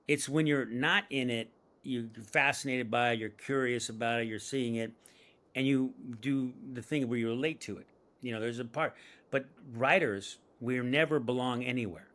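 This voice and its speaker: Middle-aged guy telling stories in an interview, lively, laughs a lot, does little voices. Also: medium pitch. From San Diego. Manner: animated storyteller acting out voices, laughs often. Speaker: guest, screenwriter and comedian. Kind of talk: storytelling interview.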